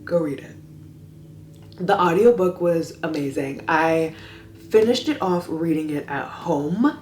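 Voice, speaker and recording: A woman's voice: sits low, expressive, unhurried, a little mellow, slight background noise. A woman vlogging about books in a casual way, gushing with theatrical, exaggerated reactions. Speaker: book vlogger. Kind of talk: casual reading vlog. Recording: roomy echo.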